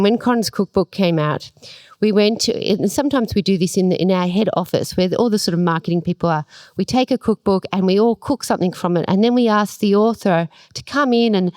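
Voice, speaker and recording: A woman's voice: mid-range voice, a little mellow, dry recording. A woman hosting a book festival panel, asking questions and telling amused anecdotes. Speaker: panel host.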